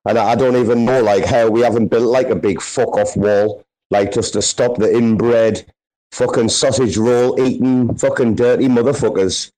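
A man's voice: medium pitch, fairly even intonation, normal speed, dark tone, rough recording. A man with a Sunderland accent hosting a casual chat, swearing heavily in rowdy banter. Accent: Sunderland English. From northeast England.

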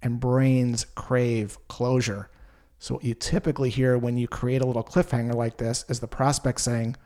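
Calm man teaching sales. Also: medium pitch, moderate pace. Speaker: sales trainer. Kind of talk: explanatory sales lesson.

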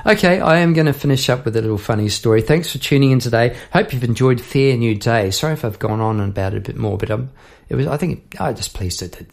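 A man's voice: medium pitch, gravelly. A middle-aged man, a songwriter hosting his own podcast, chatting casually and rambling through stories with frequent restarts. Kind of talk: casual chat about songwriting.

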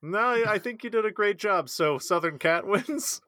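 A man's voice: high voice, animated, moderate pace, pushed and bright, dry recording, clean studio sound. A man co-hosting a podcast in casual chat, joking and teasing. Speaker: podcast co-host.

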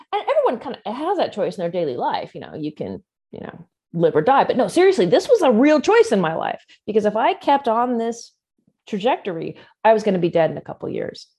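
A woman's voice: fairly low pitch, a little mellow. A woman in her forties, an interview guest speaking candidly and earnestly about her own life, with wry asides. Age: 40s.

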